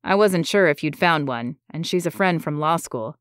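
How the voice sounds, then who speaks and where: A woman's voice: deep voice, expressive, normal speed, clear, resonant tone, no room sound, clean studio sound. A woman voicing a wry, laid-back adult male lawyer who speaks matter-of-factly. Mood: easygoing.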